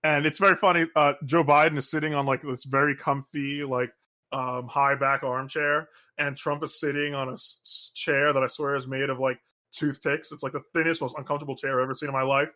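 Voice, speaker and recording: A man's voice: medium pitch, flat delivery, a little fast, bright, forceful tone. A man co-hosting a podcast, chatting casually about politics with dry humor and lots of filler words. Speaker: podcast co-host.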